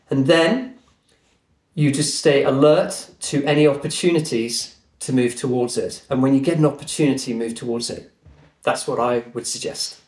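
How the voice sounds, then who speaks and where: A man guest on a podcast, telling a story in an earnest, animated way. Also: medium pitch, moderate pace. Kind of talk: conversational storytelling. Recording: roomy echo.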